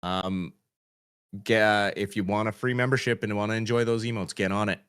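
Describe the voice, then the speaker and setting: A man giving color commentary and chat shout-outs on a fan hockey livestream, relaxed and halting with many fillers. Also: lowish voice, smooth.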